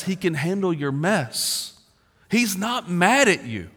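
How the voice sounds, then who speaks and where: Man preaching, casual slangy pastor, forty-something, bright voice, long hall reverb. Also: high voice, very animated, measured pace. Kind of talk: sermon. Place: large church auditorium.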